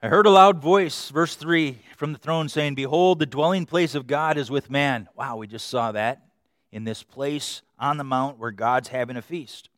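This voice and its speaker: Dry-voiced preacher, loud to hushed. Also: male voice, medium pitch, normal speed, no room sound. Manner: dynamic, swinging from loud emphasis to hushed tenderness. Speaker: pastor. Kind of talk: sermon.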